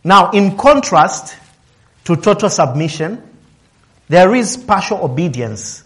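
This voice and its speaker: A man's voice: high-pitched, big pitch swings, takes it slowly, fairly bright tone. A man preaching a sermon, swinging his voice up and down for emphasis, acting out quotes and laughing now and then. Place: office worker.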